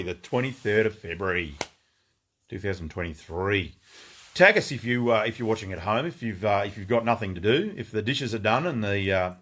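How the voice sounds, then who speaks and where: A man's voice: on the low side, fairly bright tone. A middle-aged Australian man hosting a casual shop livestream, rambling with many fillers and greeting viewers by name. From Western Australia.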